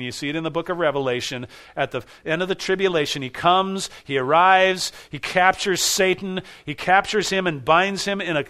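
A male preacher delivers an emphatic sermon in a fairly high, bright, forceful voice. He repeats key phrases and asks rhetorical questions to press each point home.

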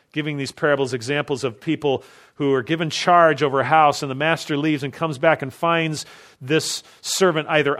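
A man's voice: fairly high pitch, a bit bright. A pastor delivering a teaching sermon in a slightly raised voice. He presses his listeners with emphatic runs of rhetorical questions. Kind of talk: expository sermon.

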